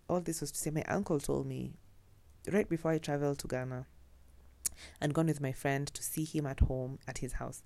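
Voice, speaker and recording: A woman's voice: low-pitched, mellow, no echo. A young Kenyan woman chatting casually and telling personal stories, mixing in Swahili phrases and laughing often. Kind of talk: casual storytelling.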